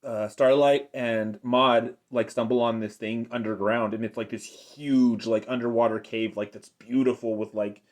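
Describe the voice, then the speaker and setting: A man's voice: mid-range voice, steady tone, moderate pace, hardly any pauses. Rambling young man reviewing a cartoon. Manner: rambling, filler-heavy, enthusiastic retelling. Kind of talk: unscripted review.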